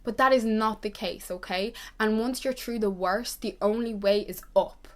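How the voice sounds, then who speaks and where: A woman's voice: mid-range voice, moderate pace. A twenty-year-old woman giving an earnest, reassuring pep talk to camera, repeating herself for emphasis. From Ireland. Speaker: vlogger.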